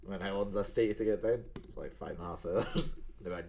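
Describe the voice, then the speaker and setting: Deep-voiced young Scottish man, sweary. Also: quick pace, vocal fry, dark tone, slight background noise. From Scotland. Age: 20s. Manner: swearing, storytelling with laughs. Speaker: podcast co-host. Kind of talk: casual chat.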